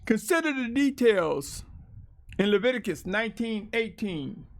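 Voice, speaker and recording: A man preaching a sermon and reading scripture aloud, earnest and emphatic, with drawn-out pauses. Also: sits high, sing-song.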